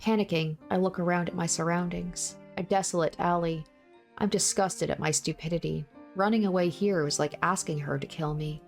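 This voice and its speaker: A woman with a somewhat low voice reads a first-person story aloud in a dramatic style. She acts out panting breaths and desperate repeated cries, keeping the narration intense throughout. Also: fairly even intonation, normal speed, creaky, faint music behind. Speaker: reader of a visual novel.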